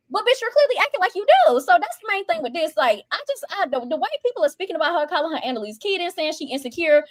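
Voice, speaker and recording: Brief: high-voiced woman reviewer, heated and profane, quick delivery. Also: very animated, dry recording, clean studio sound. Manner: fast, heated, profane, acts out quotes. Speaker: reality show reviewer. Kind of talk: casual ranting commentary.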